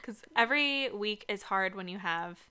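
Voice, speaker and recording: A woman's voice: medium pitch, expressive, moderate pace, bright, forceful tone, clean tone. A young woman co-hosting a casual podcast from a basement home studio, upbeat and chatty. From Seattle area. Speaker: podcast co-host. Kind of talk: casual chat.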